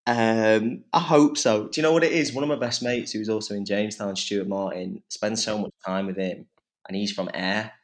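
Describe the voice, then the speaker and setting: A man's voice: fairly low pitch, steady tone, fairly quick. A young man, an actor guest on a podcast, chatting enthusiastically with lots of fillers and laughter. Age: young adult. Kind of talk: casual podcast chat.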